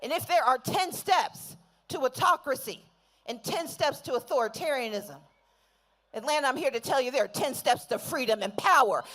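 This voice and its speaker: A woman delivers a stirring speech at a political rally. Her voice sits very high, and she drives the crowd with repeated call-and-response chants. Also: animated, moderate pace, rough recording. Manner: rousing, building to shouted chants. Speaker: rally speaker.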